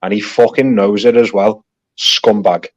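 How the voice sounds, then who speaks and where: A man's voice: on the low side, steady tone, unhurried, lo-fi sound. A man co-hosting a podcast, chatting casually with blunt, terse remarks. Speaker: podcast co-host. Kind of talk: casual political chat.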